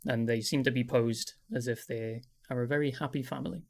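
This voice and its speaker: A man narrating a tabletop game as game master, describing scenes in a relaxed way with many fillers. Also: medium pitch, brisk, gravelly.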